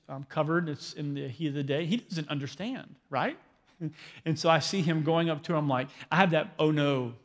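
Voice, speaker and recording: A young adult male pastor giving a conversational sermon on parenting, often checking in with "right?". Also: fairly high pitch. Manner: conversational, asks the room "right?". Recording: long hall reverb.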